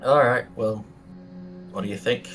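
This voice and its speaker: A man's voice: lowish voice, measured pace, a bit bright, soft background music. A man playing a tabletop game, asking questions hesitantly with many uhs and likes. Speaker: player. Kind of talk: casual tabletop game chat.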